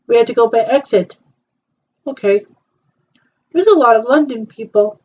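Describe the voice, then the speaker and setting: A woman acts out a trip in a fairly high voice, pausing often and filling gaps with hesitant fillers. The sound is dull and lo-fi. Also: a little mellow. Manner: hesitant, halting talk with many fillers. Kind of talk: acting out a trip with several voices.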